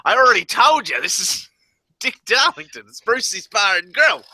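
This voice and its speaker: A man's voice: high-pitched, very animated, moderate pace, bright, forceful tone, pitched above the performer's own voice, exaggerated voice, low-quality recording. A man doing an Australian accent as a brash male bar owner answering the phone, quoting a sitcom. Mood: brusque.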